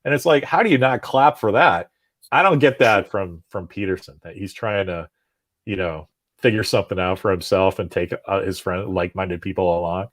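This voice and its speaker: A man's voice: low-pitched, normal speed. A man as a guest in a casual comics chat, talking at length and animatedly, often tagging "right?" onto his points. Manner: talkative, animated, tags "right?". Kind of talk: casual conversation.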